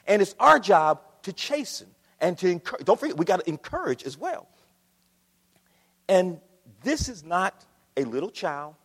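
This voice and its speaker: A man from Ohio preaching a sermon, swinging between loud declarations and quiet asides as he addresses the congregation. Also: sits high, slightly rough, big-room sound. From Akron, Ohio. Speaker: pastor.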